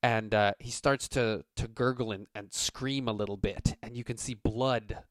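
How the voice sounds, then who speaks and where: Relaxed man narrating a tabletop game. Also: fairly low pitch, normal speed, no echo, studio quality. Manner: relaxed and rambling, many fillers. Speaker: game master.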